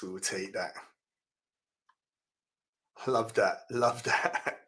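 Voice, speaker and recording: A man hosting a live fantasy football stream, reading out viewer comments and reacting with laughs and exclamations. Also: mid-range voice. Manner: chatty, laughs often, reacts loudly to comments.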